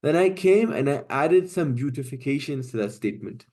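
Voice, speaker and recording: A male teacher in a live class walks students through Arabic grammar at a steady, medium pitch. He stops often to check they follow, with a quick "right?" or "okay?". He reads short Arabic verses in a fast, practiced rush. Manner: patient, checks understanding with frequent "right?" and "okay?".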